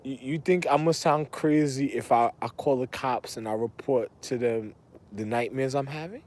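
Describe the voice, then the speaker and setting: A man's voice: medium pitch, normal speed, darkish tone. A man rambling in a monologue, repeating himself and breaking into laughter. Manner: repetitive, laughing, erratic.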